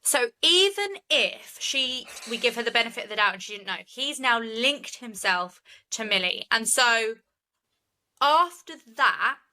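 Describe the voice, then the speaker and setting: Bright woman retelling a case. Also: a little high, lively intonation, a little slow, a little hiss or hum, poor audio. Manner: earnest, opinionated storytelling. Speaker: true crime podcast co-host. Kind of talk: casual chat retelling a case.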